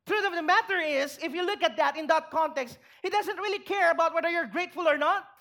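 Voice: very high voice, fast, a bit bright. A pastor preaching a sermon in church, making emphatic points and putting rhetorical questions to the congregation.

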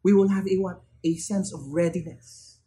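A man preaching a sermon, building to emphatic raised peaks and then dropping low and quiet. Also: level tone, moderate pace, low-quality recording.

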